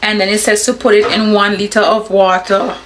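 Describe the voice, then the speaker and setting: A woman in her thirties with a Caribbean English accent, chatting casually to her viewers and her husband at home, giggly and warm. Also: medium pitch, little pitch movement, a little fast, a little hiss or hum. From Caribbean, grew up in Anguilla. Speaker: vlogger. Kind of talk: casual home vlog chat. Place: home, indoors.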